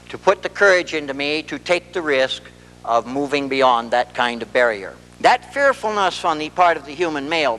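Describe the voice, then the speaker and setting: A man with a fairly high voice gives a public talk, his pitch swinging widely as he acts out little scenes. His words ring with long reverb through a big hall. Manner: animated storyteller who acts out dialogue. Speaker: marriage and family therapist giving a talk. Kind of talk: public lecture.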